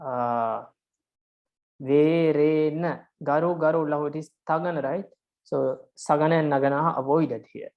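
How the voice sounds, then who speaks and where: Woman teacher, deep low voice, patient and repetitive, spells out syllables slowly. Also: dull audio. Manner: patient, repeats key words, checks with "right?"; sounds out verse syllable by syllable. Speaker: Pali prosody teacher. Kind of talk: online language lesson.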